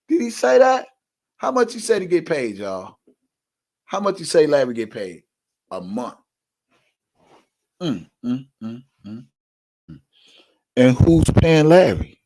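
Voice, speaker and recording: A brash man, hosting an online show and talking profanely and loudly to his viewers. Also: on the high side, very animated, slow, long pauses. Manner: brash, loud, profane, repeatedly urging likes.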